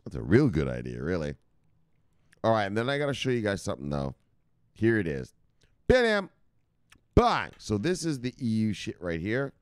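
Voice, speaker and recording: A man's voice: fairly low pitch, huge pitch swings, moderate pace, long pauses, smooth, dry recording, clean studio sound. A man hosting a casual crypto news livestream, rambling, swearing and reading viewer comments aloud. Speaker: crypto news show host.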